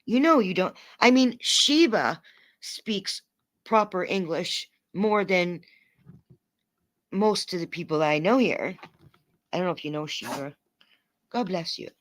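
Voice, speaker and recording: Woman ranting on her stream, kinda low voice, angry, calling people out. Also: expressive, measured pace, long pauses. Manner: angry, confrontational, swearing. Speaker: livestreamer. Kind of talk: ranting livestream chat.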